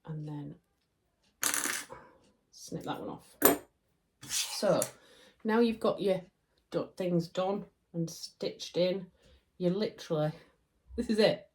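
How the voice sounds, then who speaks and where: A woman's voice: fairly low pitch, slow pace, long pauses, darkish tone, slight background noise. A woman with a Yorkshire accent giving a chatty, laughing sewing tutorial from her home sewing room. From Yorkshire, England. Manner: chatty, self-deprecating, laughs often.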